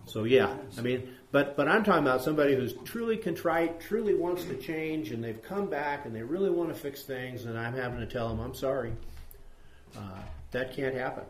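A man's voice: medium pitch, lively intonation, a little fast, hardly any pauses, a little hiss or hum. A man leading a conversational Bible study, rambling a little and asking the group questions. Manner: rambling, asks the group questions, many fillers. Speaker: Bible teacher. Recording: echoey room.

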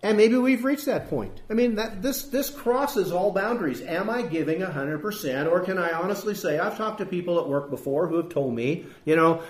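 A man's voice: high voice, lively intonation, normal speed, hardly any pauses, echoey room. A male pastor giving a conversational sermon, acting out the voices he quotes. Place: church building.

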